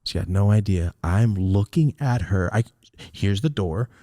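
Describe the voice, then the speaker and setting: A young man hosting a podcast, telling a story in a casual, profane, animated way and acting out the scenes, on a close mic. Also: lowish voice, unhurried, no room sound. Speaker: podcast host.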